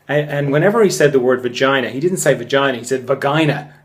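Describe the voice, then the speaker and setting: A man, a therapist hosting a podcast, telling a story in a relaxed monologue, laughing often and swearing casually. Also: medium pitch, quick pace. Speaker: podcast host; craniosacral therapist.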